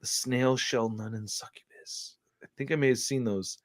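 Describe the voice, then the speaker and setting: A man co-hosting a casual live stream, animated, jumping from loud outbursts to low mumbles. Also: moderate pace. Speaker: podcast co-host.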